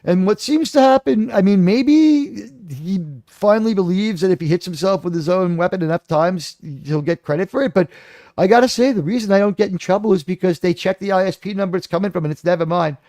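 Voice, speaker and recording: A man's voice: high voice, brisk, dark tone, no echo, clean studio sound. A man hosting a live stream, ranting and telling stories in a sarcastic, mocking way. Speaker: livestream host.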